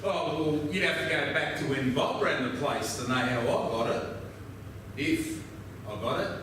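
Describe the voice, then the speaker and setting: A man's voice: medium pitch, moderate pace, natural voice. A man playing a laconic outback bloke, echoey. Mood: wry. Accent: Australian. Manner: drawling yarn-spinner, swears freely. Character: weathered, laconic male outback roadhouse bloke. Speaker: outback roadhouse local telling a story. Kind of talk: theatrical monologue. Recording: very echoey, distant mic, noisy ambience.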